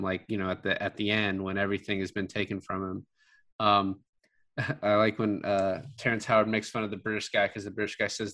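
A man with a lowish, sharp-toned voice casually reviews a movie alongside his podcast co-host. His talk rambles, full of fillers and restarts.

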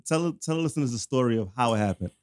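A woman's voice: very deep voice, lively intonation, very fast, a little mellow, no room sound, studio quality. A woman hosting a podcast, chatting casually and teasing her guests. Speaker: podcast host. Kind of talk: casual chat.

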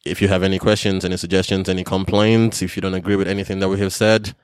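Deep-voiced podcast host, easygoing. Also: male voice, fast, clear, resonant tone, dry recording, studio quality. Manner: relaxed, conversational, lots of "you know". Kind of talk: casual chat.

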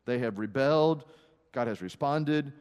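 A male pastor preaches to his congregation, pressing his points through repetition and well-timed pauses. His voice sits at an ordinary pitch and carries a long reverb from the large church room. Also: a little mellow, clear, resonant tone. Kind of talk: sermon.

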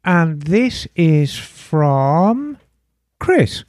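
A woman with an English accent co-hosting a casual podcast chat, often pausing with fillers as she searches for words. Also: low voice, sing-song, darkish tone, dry recording, studio quality. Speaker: podcast co-host.

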